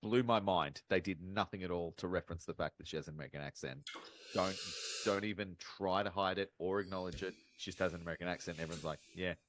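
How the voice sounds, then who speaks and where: A man co-hosting a casual film review podcast, ranting with animated disbelief. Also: sits low, quick pace, slight background noise. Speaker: podcast co-host.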